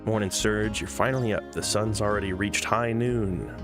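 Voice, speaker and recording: A man's voice: fairly low pitch, steady tone, normal speed, natural voice. A man voicing a middle-aged village mother who teasingly scolds her son for oversleeping, in a game read-along. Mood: scolding. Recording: game music behind.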